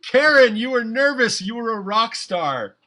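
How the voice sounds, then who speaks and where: A man's voice: very high-pitched, lively intonation, normal speed, sharp tone. A man hosting an online improv show over a video call, cheering performers on with big energy. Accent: put-on Georgia drawl in scene. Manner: exuberant, cheering.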